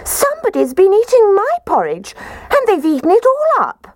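Woman putting on a tiny boy bear cub in a storybook, squeaking way up high, dry close sound. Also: wildly swooping pitch, normal speed, dry recording, full character voice. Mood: upset.

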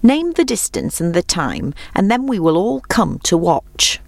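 A woman's voice: on the low side, sing-song, unhurried, vocal fry, no echo, full character voice. Woman doing a sly storybook fox, male, teasing and eager, dry close sound.

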